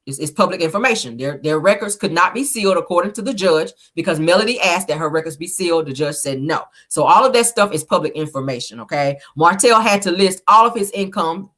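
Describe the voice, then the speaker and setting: A sassy woman dishing gossip in a lively, bright voice. She laughs a lot, acts out what people said, and her pitch leaps around as she talks. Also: fairly quick, few pauses. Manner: thanks viewers for stickers mid-talk. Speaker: reality TV recap host. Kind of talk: casual gossip commentary.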